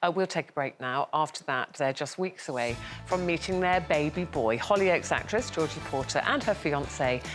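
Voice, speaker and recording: A woman's voice: low-pitched, animated, moderate pace, few pauses, over music. A woman hosting a live daytime talk show, chatty and teasing, laughing often. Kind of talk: live daytime panel chat.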